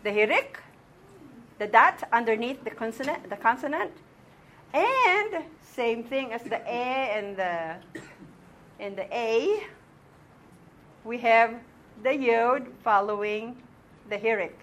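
Patient teacher, woman, slightly high, slow and repetitive, checks in constantly. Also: expressive, fairly bright tone. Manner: patient, repeats words and checks with "okay?". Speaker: Hebrew teacher. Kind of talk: classroom lesson.

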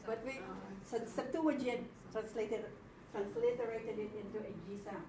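A woman teaching a Hebrew class in a classroom, slow and patient, often checking that her students follow. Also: fairly high pitch, fairly even intonation. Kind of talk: classroom lecture. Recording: echoey room from far off, faint noise.

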